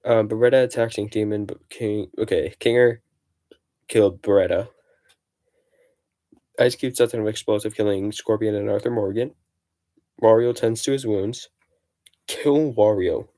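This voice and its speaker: A man's voice: lowish voice, fairly even intonation, measured pace, long pauses, dark tone. A man streaming casually, out of breath, reading game events aloud with rambling, jokey asides.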